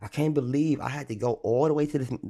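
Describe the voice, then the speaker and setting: A man's voice: mid-range voice, fast, noisy background. A young man on a casual livestream, rambling and irritated as he talks to his chat. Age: young adult.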